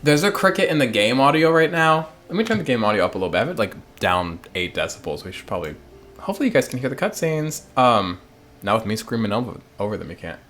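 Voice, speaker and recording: A man's voice: mid-range voice, big pitch swings, fast talker, a bit bright. A man streaming a video game from his home office, chatting casually in a playful, rambling way with jokey asides. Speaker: let's play streamer. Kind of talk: casual gameplay commentary. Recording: faint game music behind.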